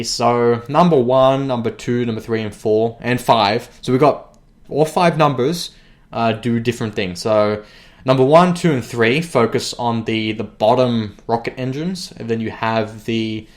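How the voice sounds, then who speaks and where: A young man hosting a gaming channel, chatting casually while commenting on gameplay, laughing often and poking fun at himself. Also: medium pitch.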